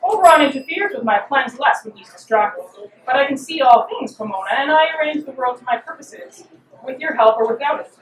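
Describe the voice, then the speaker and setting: A woman's voice: sits high, expressive, a little fast, distant mic, slight background noise. A woman voicing an ancient, mocking goddess of deception who sneers and crows her taunts, read aloud at a live reading. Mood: scheming. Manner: sneering, crowing, sing-song taunts. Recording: roomy hall, mic from afar.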